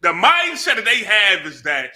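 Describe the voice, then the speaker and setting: Animated bright-voiced man telling stories. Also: high voice, normal speed. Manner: animated, laughing, acting out quotes loudly. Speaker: panel guest. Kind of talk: casual storytelling on a live stream.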